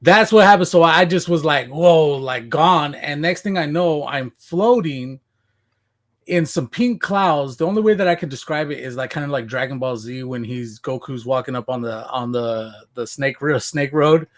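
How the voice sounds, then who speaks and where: A man's voice: a little high, moderate pace. Podcast guest, male, from Washington State, casual storyteller who acts out his own lines. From Washington State, USA.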